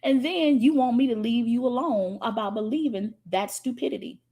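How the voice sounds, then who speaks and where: A woman's voice: a little high, moderate pace, mellow. A woman spiritual coach, giving a profane, dramatic motivational talk and reading out viewer comments. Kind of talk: live-stream motivational talk.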